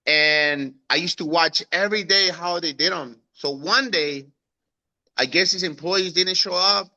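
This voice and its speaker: A man's voice: unhurried, dull audio. A man in his thirties from Guatemala, a guest telling his life story in an interview, acting out the people he quotes with a raised voice. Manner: animated, acts out quoted voices with raised pitch.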